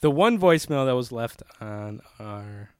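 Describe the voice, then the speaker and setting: Laughing, profane young podcast host. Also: male voice, medium pitch, expressive, unhurried, clean tone, no room sound, clean studio sound. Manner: laughs often, loose and profane. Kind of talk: casual podcast banter.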